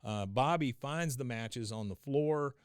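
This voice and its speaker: A man's voice: medium pitch, a little slow, clean tone, no room sound, studio quality. A man hosting a podcast and casually retelling a cartoon episode scene by scene, laughing often. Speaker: podcast host.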